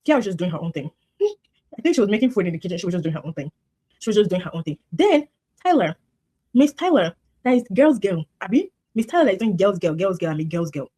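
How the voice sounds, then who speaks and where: A woman giving casual commentary on a reality show in an animated, repetitive, gossipy way. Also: medium pitch, quick pace, husky.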